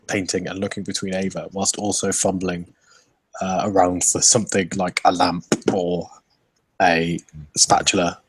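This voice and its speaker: A man playing a tabletop role-playing game, describing his character's actions in a slow, halting way. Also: sits low, slightly rough, no echo. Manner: slow, halting, laughs often. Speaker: player.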